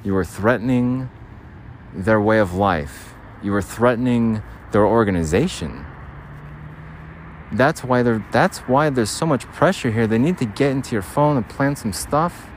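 A man's voice: mid-range voice, animated, measured pace, slight background noise. A man talking on his own podcast while walking outdoors, ranting bluntly and swearing casually as he rambles. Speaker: podcast host. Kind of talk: rambling solo podcast monologue.

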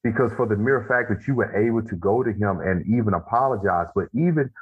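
A man guest and author telling his story in earnest, casual conversation, slowing down to stress his points. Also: on the low side, breathy edge. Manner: earnest storytelling, slows for emphasis. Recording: phone-like narrow band.

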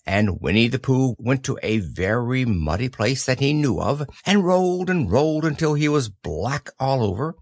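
A man reading a children's story aloud in a gentle, unhurried way. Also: medium pitch, very animated, dry recording.

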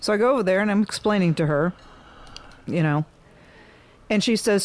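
A woman in casual conversation, telling a story bluntly with animated emphasis. Her voice sits in a middle pitch, and she clears her throat between thoughts. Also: moderate pace, long pauses. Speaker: realtor and bartender.

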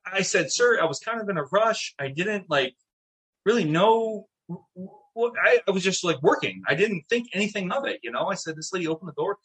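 A man's voice: a little high, slightly rough. Middle-aged guy telling a wild story, lots of ups and downs in his voice, swears a lot. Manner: animated, swearing, acts out quotes. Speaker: guest, town mayor. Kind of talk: casual storytelling.

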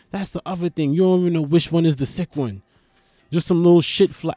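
New comedian, raised-pitch voice, rambling profane riffs, dry close sound. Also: male voice, darkish tone, dry recording. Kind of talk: stand-up style comedic monologue.

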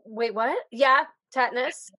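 A woman's voice: a little high, a little slow, pushed and bright. A woman co-hosting a casual chat, talking in a playful, joking way.

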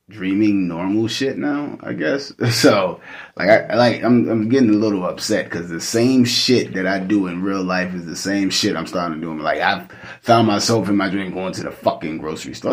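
A man hosting a podcast in casual chat, joking, laughing often and swearing freely. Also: low-pitched. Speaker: podcast host.

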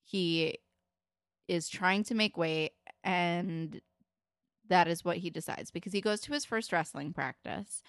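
A woman with a fairly low, smooth voice chats loosely about a show, full of "like" and casual swearing. The sound is close and dry, with no room around it. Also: measured pace, dry recording. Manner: candid and sweary, lots of "like". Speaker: podcast co-host. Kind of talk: casual chat recapping a TV episode.

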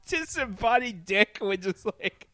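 A man chatting casually about a movie, animated and often laughing, mocking what he saw with quick impressions. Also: sits high, no echo. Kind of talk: casual podcast movie chat.

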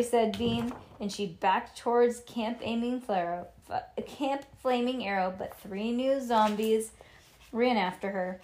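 A woman reading a children's book aloud to a child, lively and animated, with little asides. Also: a little high, measured pace, slight background noise.

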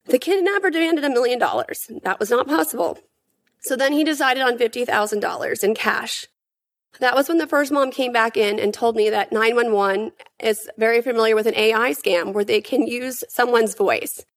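Woman reading her testimony at a hearing, kinda high voice, earnest, slows down to stress stuff. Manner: earnest, emphatic, measured.

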